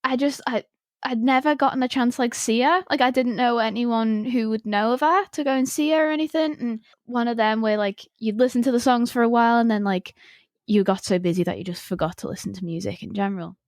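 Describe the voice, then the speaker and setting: Excitable young Liverpool woman. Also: fairly high pitch, a little fast, dry recording, studio quality. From Liverpool, England. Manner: excitable, giggly storytelling full of "like". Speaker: guest musician. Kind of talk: casual interview chat.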